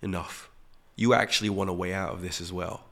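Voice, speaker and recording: Man, low gravelly voice, calm reflective spiritual teacher, soft hushed emphasis. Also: quick pace. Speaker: podcast host.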